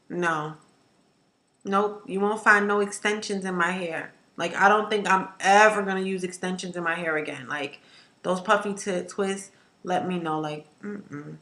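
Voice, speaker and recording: A woman hair vlogger chatting to camera in an emphatic, animated way, ranting and repeating herself for effect. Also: on the low side. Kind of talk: casual to-camera chat. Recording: echoey room.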